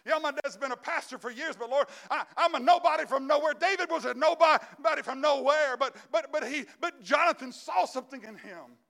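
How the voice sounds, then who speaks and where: A man preaching a sermon, telling a story dramatically, acting out the characters and building up to shouts. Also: very high voice, brisk, gravelly, few pauses.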